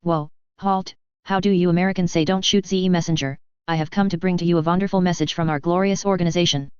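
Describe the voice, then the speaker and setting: A woman's voice: lowish voice, fairly even intonation, quick pace, smooth, no echo, highs cut off, close to an everyday voice. A woman voicing a smug male catboy messenger with a put-on German accent and a sing-song lilt.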